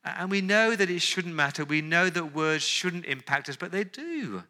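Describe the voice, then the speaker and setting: A male pastor preaching an earnest sermon, dropping into soft, pleading tones when he voices prayers. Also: high voice, animated, moderate pace.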